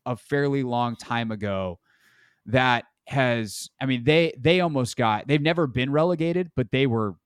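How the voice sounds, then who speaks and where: A man's voice: medium pitch, unhurried, clean tone, no room sound, studio quality. A man hosting a sports podcast, chatting casually and rambling with lots of "um" and "like". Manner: rambling, heavy on "um" and "like". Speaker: sports radio and podcast host.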